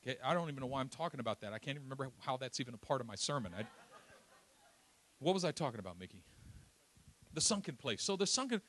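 A man from East Oakland preaching a sermon, telling a personal story with lively acted-out quotes and self-deprecating asides. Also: medium pitch, fast, pauses often. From East Oakland, California. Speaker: pastor.

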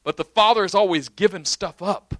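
A man's voice: high voice, a little fast, fairly bright tone, no echo. A young man preaching, teaching emphatically and often checking that his listeners follow. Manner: emphatic, explanatory, checks understanding. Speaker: pastor. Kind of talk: sermon teaching.

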